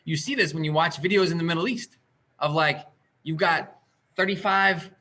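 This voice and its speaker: A man telling a story in casual chat as a podcast host, animated and acting out the dialogue with quick asides. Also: on the high side.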